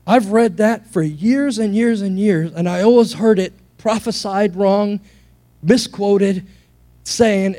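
A pastor from England preaching an animated sermon to a church, telling stories with frequent restarts. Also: male voice, high voice, slow.

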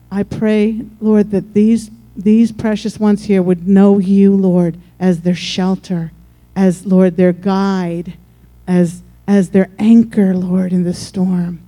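A preacher with a deeply dark, mellow tone delivers a sermon that turns into fervent prayer. The speech keeps circling back to "Lord God," with frequent restarts. The pitch sits at a middle height. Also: highs cut off. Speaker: pastor.

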